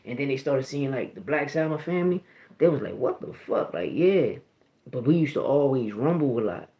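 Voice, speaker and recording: A man's voice: medium pitch, animated, brisk, mellow. Rambling Philly man in an echoey room. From Philadelphia, USA. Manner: profane, rambling, with many restarts and "you know what I mean". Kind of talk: casual storytelling.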